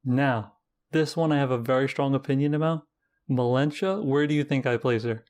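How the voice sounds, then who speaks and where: Young male co-host, mid pitch, blunt, mock-serious, casual chat. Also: brisk, darkish tone. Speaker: co-host ranking game characters. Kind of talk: casual banter.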